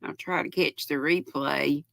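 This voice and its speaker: An older woman in her sixties hosts a relaxed livestream, reading comments aloud and greeting each viewer as sweetheart or honey. Her voice is gravelly and cracks at times, with a bright edge and an unhurried pace. The sound is close and dry. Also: deep voice, dry recording. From North Carolina. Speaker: livestream host.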